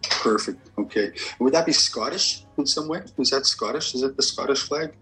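Husky-voiced male medium, steady questions. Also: mid-range voice, moderate pace, soft background music, low-quality recording. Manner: asks short yes-or-no questions, repeats "okay, perfect". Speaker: evidential medium giving a reading. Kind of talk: spirit reading session.

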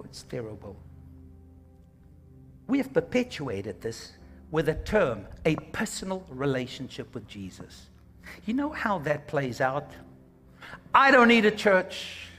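A male pastor preaching a sermon, exhorting his church and calling for amens, slipping into quoted voices. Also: medium pitch. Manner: animated, slips into quoted voices.

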